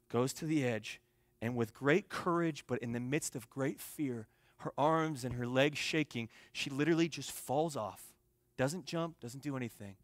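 A young man preaching a sermon, telling a story and swinging between soft, quiet passages and loud, emphatic ones. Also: medium pitch, no echo. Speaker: pastor.

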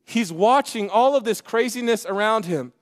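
High-voiced, lively male preacher. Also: moderate pace. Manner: energetic, conversational, with joking asides to the congregation. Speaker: pastor. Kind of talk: sermon. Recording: long reverb of a large hall.

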